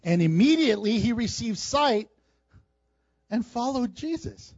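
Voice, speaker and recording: A man's voice: very high voice, very animated, a little slow, darkish tone, dry recording, lo-fi sound. A male pastor preaching a sermon, emphatic and repeating phrases for stress.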